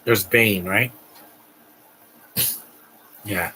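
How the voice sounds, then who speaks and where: A man's voice: fairly low pitch, steady tone, very slow, pushed and bright, a little hiss or hum, rough recording. A man hosting a live stream, giving a blunt, ranting movie reaction commentary with frequent restarts.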